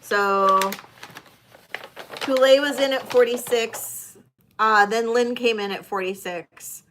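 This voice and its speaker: Slow-talking woman running a live auction. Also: a little high, fairly bright tone, slight background noise. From United States. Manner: chatty, hesitant with many fillers. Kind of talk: live-stream jewelry auction.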